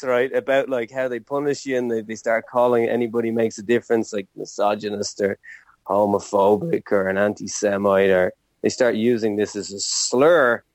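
A man's voice: fairly low pitch, no room sound. A man, a comedian chatting casually and acting out bits. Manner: animated, acts out bits. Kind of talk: casual podcast chat.

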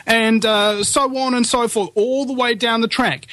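A man's voice: very high voice, steady tone, normal speed, hardly any pauses, bright, forceful tone, no room sound. A man with a New Zealand accent, ranting heatedly about politics in casual chat and swearing freely.

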